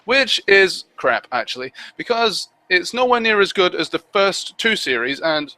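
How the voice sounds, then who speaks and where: A man's voice: high voice, very animated, a little slow, sharp tone. A man co-hosting a casual fan commentary on an old TV show, playful and sarcastic. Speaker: commentary co-host.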